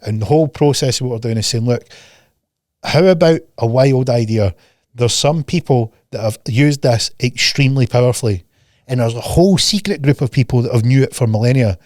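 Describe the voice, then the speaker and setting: A man's voice: mid-range voice, fairly quick, darkish tone, no room sound, clean studio sound. A man hosting a podcast in a casual chat, ranting bluntly and profanely and mocking people with put-on voices. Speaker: podcast host.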